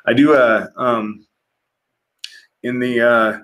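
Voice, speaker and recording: A man's voice: medium pitch, steady tone, takes it slowly, fairly bright tone. A middle-aged man, a podcast guest, telling candid and profane personal stories in a casual conversation, laughing often. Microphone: livestream podcast mic.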